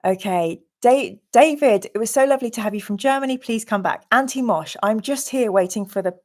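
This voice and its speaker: A woman's voice: on the high side, fairly quick, a little mellow. A woman hosting a live game stream, gushingly thanking viewers and reading out their comments.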